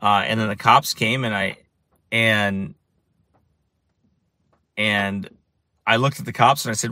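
A man's voice: on the low side, steady tone, measured pace, long pauses, pushed and bright, no echo, clean studio sound. A man who preaches on the street tells stories in a casual monologue, often repeating phrases for emphasis. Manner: repetitive, restarts phrases for emphasis.

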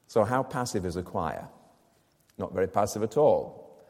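Man, preacher, sermon, expository, rhetorical questions, warm mellow tone, church reverb. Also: fairly low pitch, expressive, moderate pace.

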